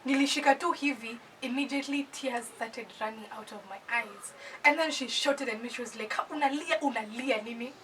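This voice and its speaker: A young woman from Kenya with a Kenyan accent, telling a personal story in an animated, casual storytime voice that mixes English with Swahili slang. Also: on the high side, fairly quick, distant mic, a little hiss or hum, poor audio.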